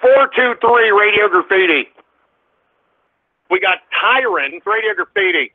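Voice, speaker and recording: A male radio host rants and shouts curses at his audience, with the sound remixed to an extremely high, cartoonish pitch. He drags out his words slowly. Everything comes through thin and phone-like. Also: animated, reverberant, far from the mic. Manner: furious ranting, shouting and swearing.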